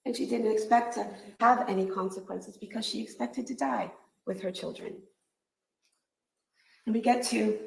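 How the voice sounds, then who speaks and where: Gravelly woman prosecutor in echoey courtroom. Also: medium pitch, darkish tone. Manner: measured, emphatic, builds through repeated phrases. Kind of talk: courtroom closing argument.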